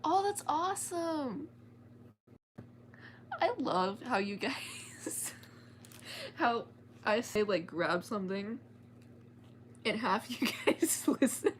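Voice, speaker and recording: A woman's voice: fairly high pitch, lively intonation, slow pace, long pauses, slight background noise. A woman reading a story aloud at home in a casual storytime style, chatting and swearing offhandedly as she talks to her cats.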